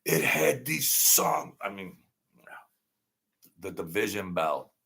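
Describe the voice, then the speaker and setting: A man hosting an unscripted live-stream chat, rambling and animated, laughing often as he talks. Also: low-pitched, slow pace, creaky, slightly rough. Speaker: channel host.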